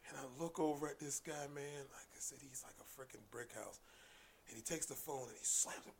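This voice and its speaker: A man telling stories in casual conversation as a podcast guest, animated, dropping into hushed asides and then loud bursts. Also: mid-range voice, a little fast, gravelly.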